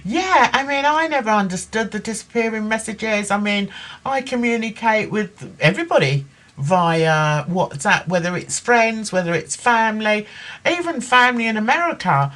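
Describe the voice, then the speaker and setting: A woman's voice: medium pitch, animated, normal speed, fairly bright tone. A woman hosting a livestream, reading out viewer comments and reacting with heated, impassioned talk about a case. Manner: impassioned, heated, talks as a mother. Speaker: livestream host.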